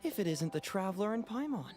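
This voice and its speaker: A man's voice: high-pitched, very animated, fast talker. An actor playing a sly, self-assured young male detective with a wry way of talking, over game music. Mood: smug.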